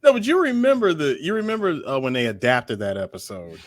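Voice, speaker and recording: A man's voice: fairly high pitch, expressive, brisk. A man co-hosting a podcast, joking playfully in casual chat. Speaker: podcast co-host.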